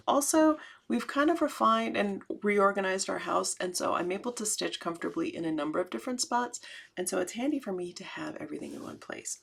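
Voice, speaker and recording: A woman's voice: mid-range voice, gravelly. A middle-aged American woman hosting her cross-stitch channel, chatting casually to viewers and laughing easily as she shows projects. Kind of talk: casual show-and-tell vlog.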